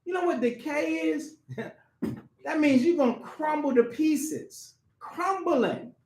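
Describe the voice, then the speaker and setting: Male preacher, very high and animated voice, casual delivery with lots of questions, echoey room. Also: slow pace. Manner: animated, asks the congregation questions, laughs often; colloquial, repeats key phrases for emphasis. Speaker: preacher teaching scripture. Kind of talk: informal sermon teaching.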